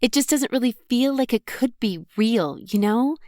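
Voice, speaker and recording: A woman's voice: a little high, expressive, moderate pace, a little mellow, no room sound, studio quality, pitched above the performer's own voice, lightly acted. A woman reading an audiobook, voicing a chatty, blunt young college woman who talks in casual slang and teases her friend. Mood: lively. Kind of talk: audiobook character voice.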